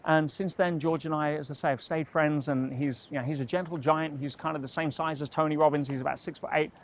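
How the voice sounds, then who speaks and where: Man from England, motivational speaker, mid-high voice; lively anecdote delivery, faint ambient room tone behind. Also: a little fast, slight background noise. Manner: animated, acts out dialogue in quoted voices. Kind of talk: storytelling to camera.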